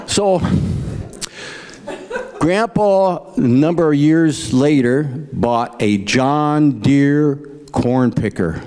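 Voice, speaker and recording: A man's voice: medium pitch, extremely slow, a little mellow. A middle-aged man telling folksy stand-up jokes about his grandparents, acting out their voices. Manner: folksy storyteller, acts out grandparents in raised voices. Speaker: stand-up comedian.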